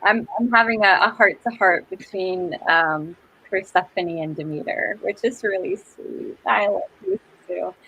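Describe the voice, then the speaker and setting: A woman hosting a casual writing livestream, bubbly and quick to giggle. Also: mid-range voice, sharp tone, slight background noise, low-quality recording. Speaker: host.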